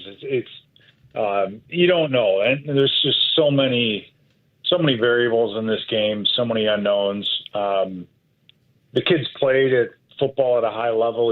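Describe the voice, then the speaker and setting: Man from Minnesota on a tinny phone line. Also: mid-range voice. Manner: thoughtful, many fillers and pauses. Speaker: football color analyst and former player, as guest. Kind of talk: casual analysis, call-in guest. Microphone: phone or remote line.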